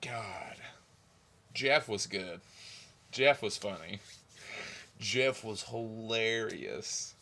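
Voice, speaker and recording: A man's voice: lowish voice, extremely slow, long pauses, sharp tone. A young man casually chatting on a stream, rambling and swearing as he reminisces about old videos. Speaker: stream co-host.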